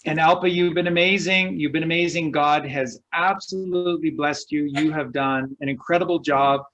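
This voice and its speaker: Man, co-host, fairly high voice, fervent preachy delivery over a dull video-call line. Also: fairly even intonation, normal speed, a bit bright. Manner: preachy, repetitive encouragement. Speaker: show co-host. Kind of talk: impassioned conversational speech.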